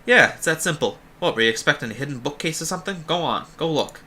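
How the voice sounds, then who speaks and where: A man voicing a greedy, mouthy crow jail guard in a game, with a put-on vaguely Bostonian accent and rough slang. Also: a little high, expressive, quick pace, sharp tone, voice pushed up. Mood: mocking. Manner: gruff, sneering, rough slang.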